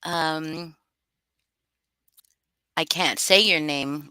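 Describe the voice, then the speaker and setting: A woman's voice: on the low side, a little slow, sharp tone, clear, resonant tone, no room sound. A woman hosting a casual livestream, greeting chat names and swearing freely. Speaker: livestream host.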